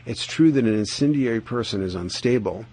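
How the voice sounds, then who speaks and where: Husky, low-voiced man reading his journal. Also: animated, brisk, a little mellow. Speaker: podcast host reading his own writing. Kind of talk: first-person reading of a dream journal and commentary.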